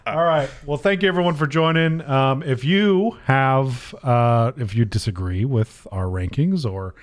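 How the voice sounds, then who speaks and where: A man's voice: medium pitch, unhurried. A man co-hosting a casual gaming podcast, laid-back and hesitant, with many ums and restarts. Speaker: podcast co-host.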